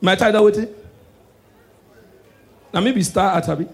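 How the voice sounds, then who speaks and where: A man with a Nigerian Pidgin accent doing a stand-up comedy set, swinging from low preachy asides to loud shouted punchlines. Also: moderate pace, gravelly.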